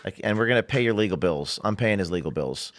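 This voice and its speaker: A man guest on a talk show, telling stories in an animated way and acting out what others said. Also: fairly low pitch, fast talker. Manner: animated storyteller, acts out quotes. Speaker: guest, undercover journalist.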